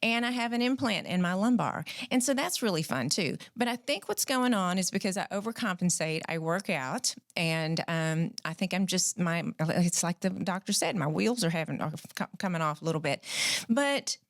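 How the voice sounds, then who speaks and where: A woman in her fifties hosting a podcast, chatting casually and telling her story with animated restarts. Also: lowish voice, moderate pace, no room sound, clean studio sound. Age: 50s. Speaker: podcast host. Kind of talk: casual chat.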